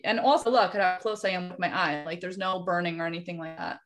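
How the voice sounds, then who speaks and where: A woman's voice: lowish voice, fast, fairly bright tone, soft background music. A woman presenting a DIY skincare demo, chatting casually and telling stories full of "like" fillers. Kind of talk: casual group chat, storytelling.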